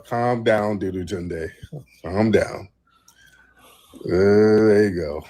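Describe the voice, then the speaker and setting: A man with a husky, mid-pitched voice hosts a casual livestream. He tells long, rambling stories, swears freely and sometimes restarts sentences. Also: a little mellow. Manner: rambling storytelling laced with profanity. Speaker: host.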